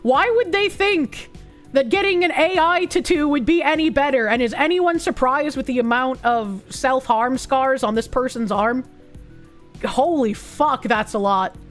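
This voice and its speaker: A woman streamer giving casual reaction commentary, talking fast with sarcastic, profane remarks. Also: high voice, faint music behind.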